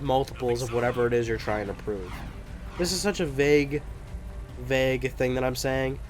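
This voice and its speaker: A man's voice: medium pitch, slight background noise. Young male let's player, loose rambling delivery, swears freely, mid-range voice. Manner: rambling, profane, laughs often. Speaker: gameplay commentator. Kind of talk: casual let's play commentary.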